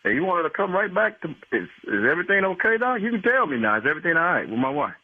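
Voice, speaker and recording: An indignant man fires back down a thin, tinny phone line, his husky voice riding high and swinging widely in pitch. He talks fast and hard. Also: very animated, no room sound. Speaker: prank call victim.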